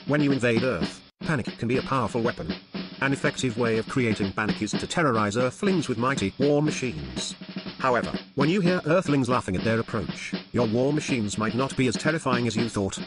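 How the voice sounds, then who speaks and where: A man giving scripted, deadpan comic narration in a dry, lecturing tone, like an outsider explaining things. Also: medium pitch, fairly quick, over music. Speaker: narrator of an educational series.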